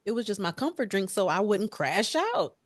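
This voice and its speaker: Young woman, podcast co-host, animated storyteller, dry close sound, mid-pitched voice. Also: moderate pace, dry recording. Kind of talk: casual chat.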